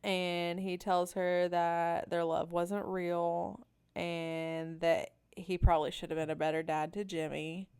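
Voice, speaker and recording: A woman's voice: lowish voice, little pitch movement, slow pace, a little mellow, clean tone. A woman co-hosting a podcast, recapping episodes in a laid-back, casual chat full of "um" and "like". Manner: laid-back storytelling with frequent "um" and "like".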